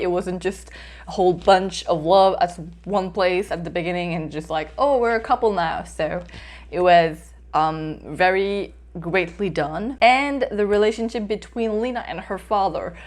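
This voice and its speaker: A woman's voice: medium pitch, measured pace. A woman from North America hosting her own book review vlog, talking in a chatty, hesitant way with frequent small laughs. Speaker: book reviewer, channel host.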